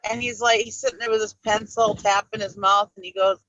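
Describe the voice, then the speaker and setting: A woman's voice: mid-range voice, steady tone, brisk, lo-fi sound, background noise. A woman in her forties with a Finnish-influenced Upper Midwest accent, chatting and laughing as a co-host. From northern Wisconsin. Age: 40s. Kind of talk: casual chat.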